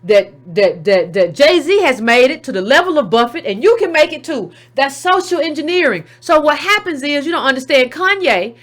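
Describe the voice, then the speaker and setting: A woman with a high voice delivers an opinionated commentary monologue as host of her own show. She argues emphatically, fires off rhetorical questions and slips into mocking impressions of others. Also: very animated, moderate pace, hardly any pauses, a bit bright.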